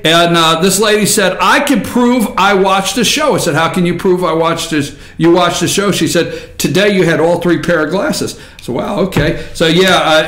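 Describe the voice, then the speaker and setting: Guy rambling on a morning show, high voice, jokey and loud, echoey room. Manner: rambling, animated, jokey, often shouting. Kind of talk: casual talk show monologue.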